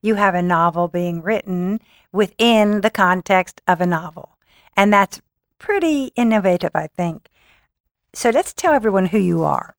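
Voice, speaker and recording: A woman's voice: mid-range voice, expressive, moderate pace, no room sound, studio quality. A woman hosting an interview, introducing her guest in a formal, admiring way. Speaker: interview host.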